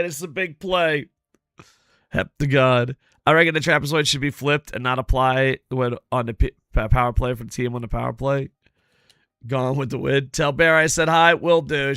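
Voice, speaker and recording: A man streaming a video game, chatting casually with viewers in a profane, rambling, animated way. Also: on the high side, clean tone, no room sound, studio quality. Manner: chats with viewers while playing. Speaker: gaming streamer. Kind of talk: casual live-stream chat over gameplay.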